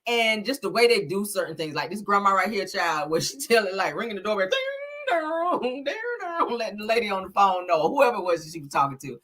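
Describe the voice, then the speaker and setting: A woman hosting a casual celebrity news show, animated and laughing, calling listeners honey and child. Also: medium pitch, fast talker, hardly any pauses. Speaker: host.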